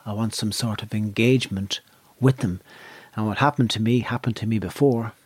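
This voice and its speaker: Irish comedian, profane and animated. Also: male voice, moderate pace, slightly rough, dry recording. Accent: Irish, West of Ireland. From Ireland. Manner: profane, animated storytelling with big swings from low mutters to high excited bursts. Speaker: stand-up comedian, guest. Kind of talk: casual anecdote.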